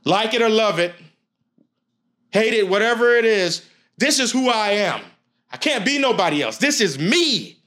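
A man's voice: high-pitched, big pitch swings, normal speed, pauses often, bright, forceful tone. A man giving a passionate motivational talk straight to his viewers, gritty and emphatic. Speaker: motivational speaker.

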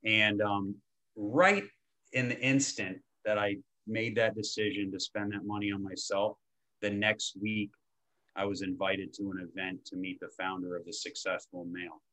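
A man from Florida, a men's coach, talking in an energetic, slangy way with casual swearing in a relaxed podcast chat. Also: on the low side, normal speed, rough recording. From Tampa, Florida.

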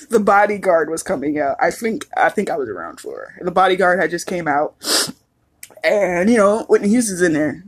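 Husky-voiced woman, candid and profane. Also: on the low side, expressive, measured pace. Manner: candid, profane, laughing often. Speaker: podcast host. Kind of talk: casual monologue.

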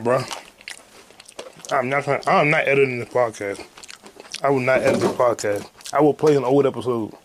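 A man hosting a solo podcast, a comedian ranting casually and profanely, with sudden loud outbursts. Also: mid-range voice, a little hiss or hum. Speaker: podcast host and stand-up comedian.

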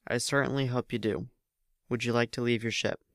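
A man's voice: mid-range voice, fairly even intonation, brisk, creaky, no room sound, clean studio sound, close to an everyday voice. A man voicing a nervous middle-aged male governor who hesitates and stammers. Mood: tense.

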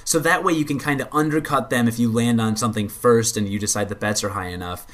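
A man's voice: mid-range voice, steady tone, fast, a bit bright. A man casually explaining and reviewing a video game's card minigame, rambling with frequent restarts and blunt opinions. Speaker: game reviewer. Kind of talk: casual spoken game review.

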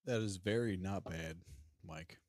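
A man's voice: low-pitched, measured pace, a little mellow, no room sound, clean studio sound. A man co-hosting a casual podcast, blunt and crude. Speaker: co-host. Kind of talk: casual chat.

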